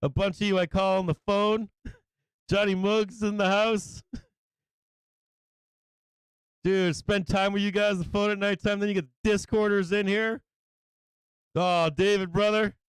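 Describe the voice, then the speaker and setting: A man hosting a live stream, greeting viewers by name in an excited, casual way, swearing and getting emotional. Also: high-pitched, unhurried, pauses often, smooth, no echo. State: emotional, close to tears. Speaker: livestream host.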